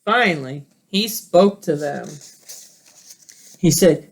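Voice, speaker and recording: A woman teacher reading a picture book aloud to children, expressive and asking listeners questions. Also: on the low side, measured pace.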